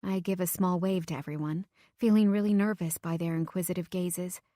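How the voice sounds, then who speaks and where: A young woman reading a first-person romance audiobook in a lively storytelling manner, with soft whispered asides. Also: lowish voice, brisk, dry recording, studio quality. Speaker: audiobook narrator.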